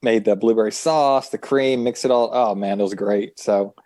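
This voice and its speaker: A man's voice: on the low side, moderate pace, dark tone, no echo. Easygoing man chatting on a podcast. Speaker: podcast co-host. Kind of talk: casual chat.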